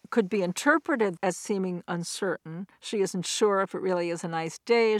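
A middle-aged woman giving a recorded academic lecture, explaining points step by step in a measured, clear way. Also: lowish voice, no echo, studio quality. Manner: measured, explanatory, with quoted examples.

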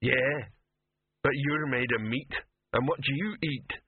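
A man reading the part of a deadpan male mountain troll, slow and rumbling, on a tinny, phone-like recording. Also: breathy edge, no room sound.

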